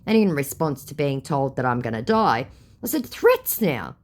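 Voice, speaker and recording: Sarcastic Australian woman, lively pitch. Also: moderate pace. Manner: sarcastic, mocking. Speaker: scam-baiter narrator. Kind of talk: reading out chat messages.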